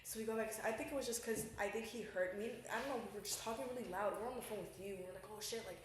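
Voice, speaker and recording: A young woman co-hosting a podcast, telling a story in a rapid, slangy, animated way. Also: mid-range voice. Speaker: podcast co-host. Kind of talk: casual chat, storytelling. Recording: very echoey room, faint noise.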